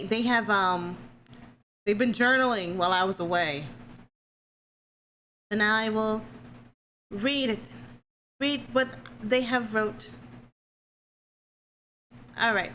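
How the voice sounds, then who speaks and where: A woman streamer chatting casually with her viewers, excitable and squealing, swearing freely. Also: on the high side, slight background noise. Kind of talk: casual live-stream chat.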